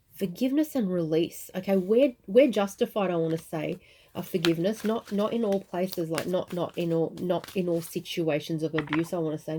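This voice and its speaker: Female tarot reader, lowish warm voice, halting earnest delivery, speaks straight to viewers. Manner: searching, repetitive, speaks in halting restarts; earnest, reassuring, addresses viewers directly. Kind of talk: intuitive tarot reading to camera.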